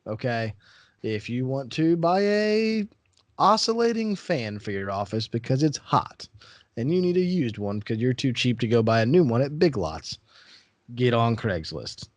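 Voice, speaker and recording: A man hosting a podcast as a real estate broker, telling stories in casual chat and getting animated as he acts out the people in them. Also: moderate pace, dry recording. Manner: animated storyteller, acts out callers and rises in pitch when worked up.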